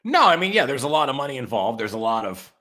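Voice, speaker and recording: A man's voice: mid-range voice, very animated, fast talker, sharp tone. A man hosting a casual interview, chiming in with jokey, agreeable comments. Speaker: podcast host.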